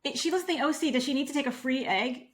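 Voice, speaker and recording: A woman's voice: sits high, fast, a little hiss or hum. A woman from New York co-hosting a podcast, talking in a blunt, opinionated way. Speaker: podcast co-host. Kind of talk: casual chat.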